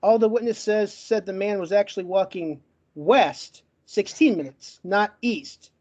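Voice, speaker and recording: A man's voice: high-pitched, a little mellow. Man with a stutter making his case. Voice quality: stutters, gets stuck on words. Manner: argumentative, lays out points in rapid lists. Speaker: debate guest. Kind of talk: podcast debate closing argument.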